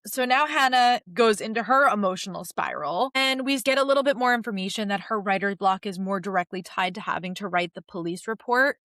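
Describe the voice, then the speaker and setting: A woman's voice: mid-range voice, a little fast, few pauses, dry recording, clean studio sound. A young woman hosting a podcast, chatting animatedly about a TV series, swearing casually and acting out the characters' lines. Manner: animated, swears casually, acts out quotes in a raised voice. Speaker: podcast host. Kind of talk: casual recap commentary.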